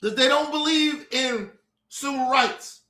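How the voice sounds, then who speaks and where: Taking it slowly, an American man delivers a fiery, emphatic streamed rant full of profanity, lecturing his audience. His voice is very high, bright, and forceful, captured in a roomy-sounding space.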